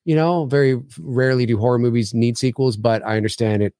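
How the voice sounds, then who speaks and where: A man co-hosting a casual livestream chat, theatrical and quick to laugh, heard over a remote call. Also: mid-range voice, no echo, studio quality. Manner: animated, theatrical, laughs often. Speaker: livestream co-host.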